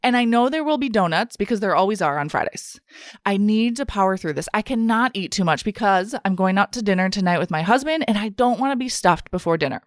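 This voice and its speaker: A woman's voice: mid-range voice, expressive, quick pace, no room sound, studio quality, lightly acted. A woman voicing the self-critical inner voice of a stressed dieting woman, fretting and arguing with herself. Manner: frets and argues with herself.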